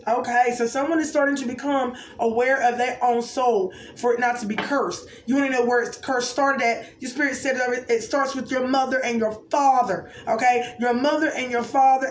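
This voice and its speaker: A woman giving an intuitive oracle card reading to viewers, musing aloud and often asking "okay?". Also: high-pitched. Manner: musing, exclamatory, keeps checking in with "okay?". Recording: roomy echo, faint background noise.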